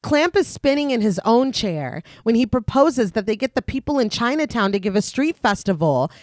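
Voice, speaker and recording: A woman's voice: on the high side, normal speed, no room sound. A young adult woman co-hosting a horror podcast, reading out a film recap with frequent laughing asides. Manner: laughs often, animated asides. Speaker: podcast co-host.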